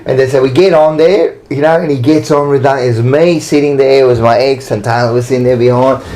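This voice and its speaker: An Australian man hosting a podcast, telling stories in casual chat with lots of swearing and animated re-enactments. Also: medium pitch, brisk. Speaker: podcast host.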